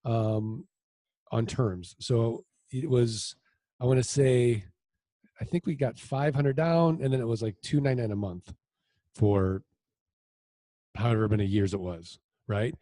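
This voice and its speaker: A man being interviewed as a land investor, telling stories in a casual, animated way with lots of quoted dialogue. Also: medium pitch, measured pace, dry recording, studio quality. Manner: animated anecdotes with voiced quotes.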